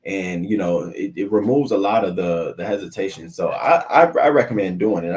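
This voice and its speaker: Lowish-voiced man hosting a casual show. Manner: animated, swearing, talks back to viewer comments. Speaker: host of a morning news show. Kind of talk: casual livestream news commentary. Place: at home, in a swivel chair.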